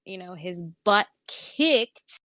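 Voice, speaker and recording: A woman's voice: mid-range voice, expressive, takes it slowly, sharp tone, dry recording, clean studio sound. A woman co-hosting a podcast, chatting casually and enthusiastically about a TV episode, laughing often and rambling with fillers. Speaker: podcast co-host. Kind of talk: casual TV recap chat.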